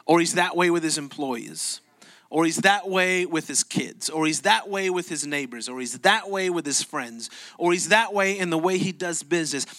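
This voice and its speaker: Male pastor, bright tense tone, mid-high voice, conversational storytelling sermon. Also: normal speed. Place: church.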